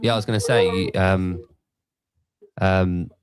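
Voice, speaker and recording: A man's voice: low-pitched, fairly even intonation, unhurried, a crowd in the background. Rambling man chatting casually. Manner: rambling, laughs often, many restarts. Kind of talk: casual chat.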